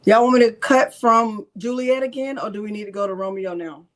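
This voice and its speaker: A woman's voice: medium pitch, fairly quick. A woman hosting a casual live crafting tutorial, chatting as she narrates each click and answers viewers in the chat, sometimes muttering to herself. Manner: talks to herself under her breath at times. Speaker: craft channel host.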